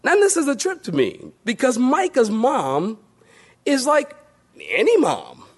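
A man preaching a sermon in a lively storytelling manner, asking the congregation rhetorical questions. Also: very high-pitched, measured pace, slightly rough. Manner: animated, storytelling, acts out voices, rhetorical questions. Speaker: pastor.

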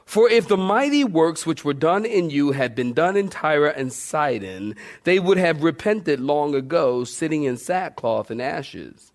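Man, preacher, sermon, animated storytelling, fairly high voice, questions to the congregation. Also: a little slow, few pauses. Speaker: pastor. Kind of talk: sermon with a humorous personal story.

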